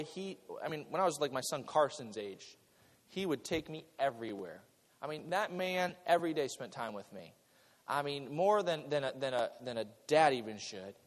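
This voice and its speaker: A man preaching a sermon as pastor. He talks in a lively way, repeats his words and throws in joking asides. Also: mid-range voice. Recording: long reverb of a large hall.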